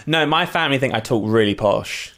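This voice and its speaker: Lively, joking young man on a podcast. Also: medium pitch. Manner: lively and laughing, quick to joke. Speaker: podcast co-host. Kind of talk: casual podcast chat.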